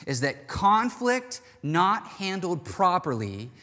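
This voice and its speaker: Animated man preaching in a reverberant hall. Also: high voice, takes it slowly. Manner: animated, chatty, acts out quoted lines. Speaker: pastor. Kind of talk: sermon.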